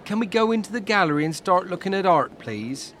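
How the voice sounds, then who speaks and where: Exasperated son in a comedy sketch, lively pitch. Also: male voice, fairly quick. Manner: exasperated, correcting.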